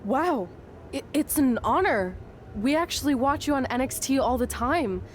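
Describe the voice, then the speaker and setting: A hotheaded young wrestler, speaks in a slightly high voice, eager and intense. The delivery stays clear over a faint background hiss. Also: female voice, lively intonation, normal speed. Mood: friendly. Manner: cheerful, flaring into menace. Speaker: wrestling trainee. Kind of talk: video game cutscene acting.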